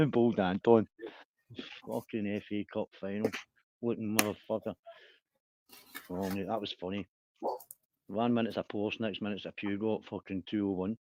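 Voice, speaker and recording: A man's voice: lowish voice, fairly even intonation, moderate pace, long pauses, warm tone, dry recording, highs cut off. A man, hosting a casual livestream chat, rambling, laughing and swearing a lot. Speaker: livestream host.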